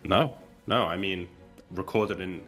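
Lively lower-voiced man at a game table. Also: a little slow, soft background music. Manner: animated, laughing, lecturing playfully. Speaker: player. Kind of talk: casual tabletop game chat.

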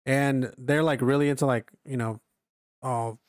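A man's voice: medium pitch, steady tone, moderate pace, dry recording, clean studio sound. Rambling, swearing casual American man. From United States. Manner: rambling, swears a lot, many fillers. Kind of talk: casual podcast chat.

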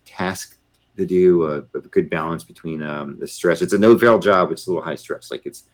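Deep-voiced man telling a lively story. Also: normal speed. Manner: animated storyteller acting out quoted voices. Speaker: podcast guest, retired Marine officer. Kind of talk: casual storytelling interview.

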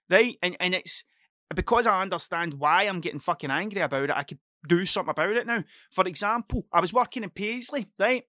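A man's voice: high voice, brisk, no room sound, clean studio sound. A man with a Scottish accent hosting a casual podcast monologue at his computer desk at home, rambling and swearing freely as he tells stories. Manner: sweary, rambling, animated storytelling. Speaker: podcast host.

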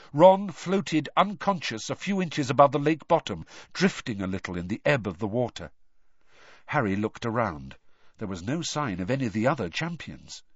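A man reading a story aloud as narrator, measured and expressive. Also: medium pitch, no room sound, muffled recording. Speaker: audiobook narrator. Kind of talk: scripted narration.

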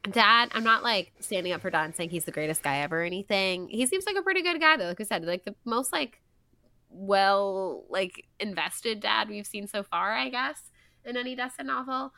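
Bright, animated young woman chatting. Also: mid-range voice, moderate pace, creaky, dry recording. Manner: animated, swears casually, lots of "like". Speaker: book podcast co-host. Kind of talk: casual chat.

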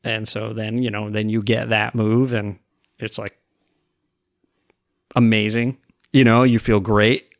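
A man talks as a podcast guest with a gravelly, fry-edged voice. His speech rambles through plenty of fillers while he retells conversations in other people's words. The sound is close and dry. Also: on the low side, flat delivery, a little slow, pauses often, no echo. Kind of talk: casual conversation.

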